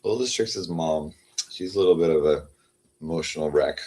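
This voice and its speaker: Low-voiced male streamer, rambling and unhurried, talks to his cat between thoughts. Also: dark tone. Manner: meandering, heavy on fillers, coos at his cat. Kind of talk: casual rambling livestream chat.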